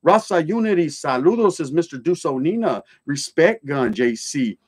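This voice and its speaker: A man's voice: a little high, big pitch swings, moderate pace, breathy edge. Slangy, profane man hosting a livestream. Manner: streetwise slang, swearing, storytelling. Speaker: livestream host reading chat. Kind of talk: casual livestream chat.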